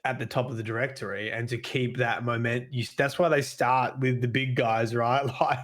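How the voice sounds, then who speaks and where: A man's voice: medium pitch, steady tone, normal speed, a bit bright. An Australian man co-hosting a gaming podcast, musing aloud and restarting his sentences often. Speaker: podcast co-host. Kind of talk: casual chat.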